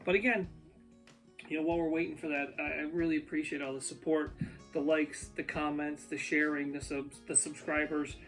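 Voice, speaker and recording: A YouTube food reviewer talks to his viewers in casual, unscripted vlog style, rambling from thought to thought in a slightly high, steady, fairly bright voice at a moderate pace. He records on an ear pod in his home basement, with music clearly audible under his talk.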